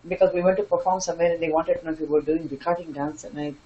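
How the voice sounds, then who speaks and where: Older woman guest, expressive raconteur who mimics people. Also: sits low, racing, dull audio, a little hiss or hum. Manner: animated, laughing, acts out quoted voices. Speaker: dance teacher and guest. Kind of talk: storytelling interview answers.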